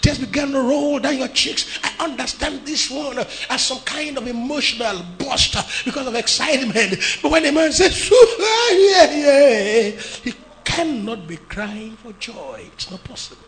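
High-pitched, gravelly preacher. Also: male voice, normal speed. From Nigeria. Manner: emphatic preaching with shouted and sung-out phrases. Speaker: pastor. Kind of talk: sermon.

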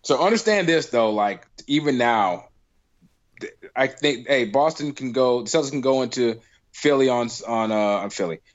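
A man co-hosting a casual sports chat, rambling through long animated analogies. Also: mid-range voice, normal speed. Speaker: podcast co-host. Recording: dull lo-fi sound.

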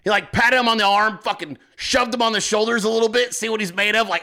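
A male host giving excitable, profane political commentary, laughing often as he talks. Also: high-pitched, quick pace. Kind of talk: casual commentary.

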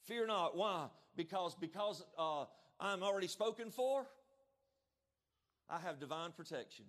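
A male pastor preaching a sermon, emphatic, checking in with the congregation and shouting out now and then. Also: high voice, expressive, unhurried. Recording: long reverb of a church hall.

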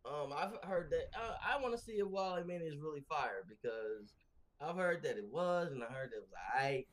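A man co-hosts a loose, casual podcast over a remote call. He rambles in slang and laughs often. His pitch swings widely as he gets going. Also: lively intonation, brisk, fairly bright tone. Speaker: podcast co-host. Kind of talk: casual wrestling podcast chat. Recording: remote call with glitchy connection.

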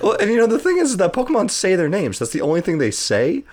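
A man's voice: sits high, wildly swooping pitch, fast, a little mellow. A man in his thirties, the dungeon master, chatting playfully and easily with his players before the game. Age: 30s. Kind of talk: casual tabletop game chat.

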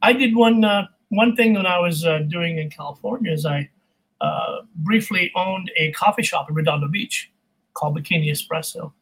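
A middle-aged man with a high, husky voice speaks as a guest in an interview. He is animated and laughs often, and he breaks into quick imitations as he talks. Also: rough recording. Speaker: guest, voice and accent coach. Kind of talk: casual interview storytelling.

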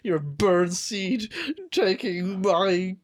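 A man's voice: sits high, steady tone. A man voicing a grumpy old man who rants and curses at trespassers on his lawn. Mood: ranting. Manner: ranting, cursing, drawn-out.

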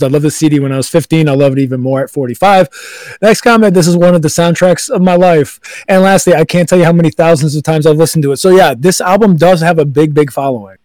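A man hosts a loose podcast chat, wandering through his thoughts with many fillers. His voice sits a little high. The recording is close and dry. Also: fairly even intonation, quick pace, a little mellow, no echo. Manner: rambling, filler-heavy, laughs often. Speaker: podcast host. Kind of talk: casual chat.

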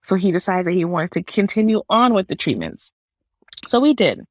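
A woman's voice: lowish voice, sing-song, normal speed, dry recording. A young woman hosting a podcast, telling a personal faith testimony in an earnest, emotional, conversational way. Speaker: podcast host. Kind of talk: personal testimony, casual storytelling.

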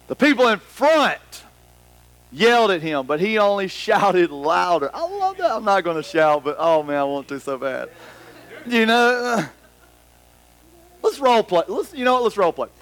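Preacher guy, high voice, super lively, dry close mic sound. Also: moderate pace, dry recording. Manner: animated, rambling, acts out scenes. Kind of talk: sermon. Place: church hall with about a hundred people. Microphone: microphone.

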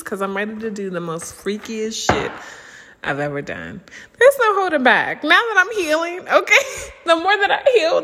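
Bawdy, laughing woman with a lively voice. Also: high voice, big-room sound, noisy background. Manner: bawdy, laughing, drawn-out swooning sighs. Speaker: vlogger. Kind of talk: casual monologue.

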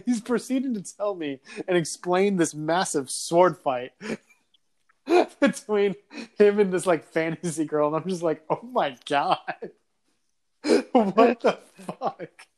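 A man co-hosting a podcast and telling stories in casual chat. He is animated, crude and often laughs. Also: high voice, slow. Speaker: podcast co-host.

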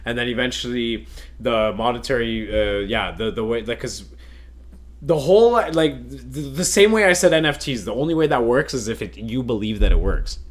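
A man's voice: medium pitch, normal speed. A man co-hosting a casual podcast chat, rambling and swearing freely as he makes his points. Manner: profane, rambling, animated.

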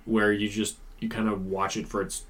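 Casting: male podcast co-host, casual studio banter, expressive, laughs easily. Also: fairly low pitch, moderate pace. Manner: animated, laughs often, trails off into mumbles. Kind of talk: casual chat.

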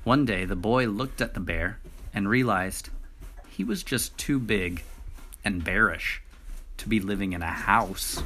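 A man's voice: on the low side, unhurried, sharp tone, slight background noise. A man reading picture books aloud with a rhythmic, playful delivery. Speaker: storybook reader.

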